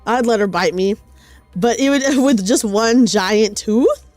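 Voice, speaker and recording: A woman streaming a game, chatting casually with her viewers in a bubbly, excitable, giggly way. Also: mid-range voice, measured pace, no room sound. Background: faint game music.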